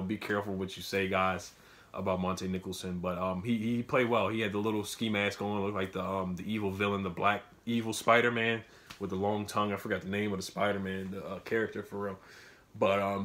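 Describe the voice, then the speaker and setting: Emotional young man ranting about football. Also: lowish voice. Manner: emotional, swings between loud outbursts and quiet mutters; filler-heavy, repeats himself. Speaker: sports fan commentator. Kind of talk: casual fan reaction monologue.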